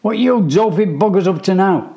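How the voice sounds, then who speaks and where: Man doing a sharp scolding mum. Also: high-pitched, lively intonation, normal speed, vocal fry, pitched above the performer's own voice. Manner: sharp, bossy, telling off. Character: scolding working-class mother.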